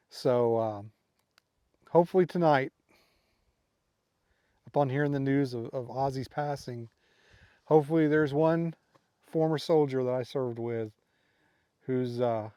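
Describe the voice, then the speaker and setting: A man's voice: mid-range voice, a little mellow, no echo, clean studio sound. A middle-aged man telling stories in a casual, rambling way with lots of fillers, speaking outdoors at a campsite. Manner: rambling, filler-heavy, laughs at his own stories. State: tired from a sleepless night. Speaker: vlogger. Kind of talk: casual vlog storytelling.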